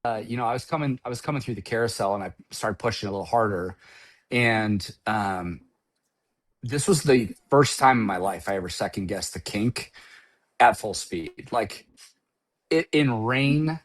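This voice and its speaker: A middle-aged man, a track-day driver, recounting a crash in casual, rambling conversation with frequent restarts. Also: fairly low pitch. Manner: rambling, restarts often, storytelling. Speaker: guest driver.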